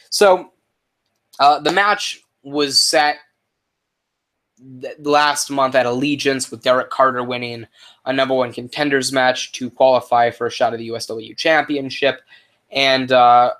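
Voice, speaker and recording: A man's voice: mid-range voice, a bit bright. A man giving a casual spoken review of a wrestling show he also competed in, rambling and profane, with frequent restarts.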